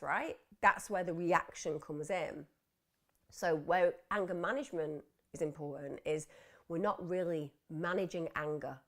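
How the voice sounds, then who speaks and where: A woman's voice: low-pitched, unhurried. A middle-aged woman hosting a live mental health talk, explaining earnestly and voicing inner thoughts in quotes. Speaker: psychotherapist host of a live wellbeing Q&A.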